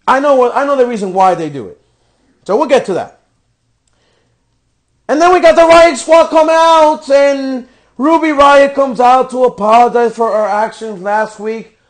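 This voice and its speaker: A man with a high-pitched voice, swearing freely as he rants through a podcast review of a wrestling show. He sounds fed up, exasperated and blunt. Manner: profane, ranting, exasperated. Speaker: podcast host.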